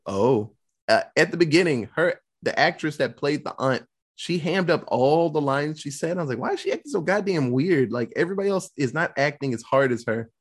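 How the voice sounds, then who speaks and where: A podcast host giving a casual, profane movie review, telling scenes in an animated way. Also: medium pitch, brisk.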